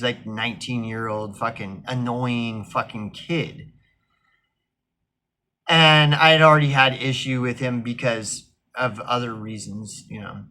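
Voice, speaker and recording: A man's voice: medium pitch, bright, forceful tone. A man telling a casual, rambling story, swearing often and packing his talk with fillers. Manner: rambling, profane, full of fillers.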